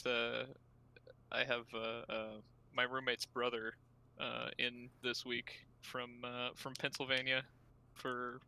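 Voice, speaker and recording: Bright-voiced man, hesitant chat. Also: mid-range voice, rough recording. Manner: hesitant, many fillers. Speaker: podcast guest. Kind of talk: casual chat.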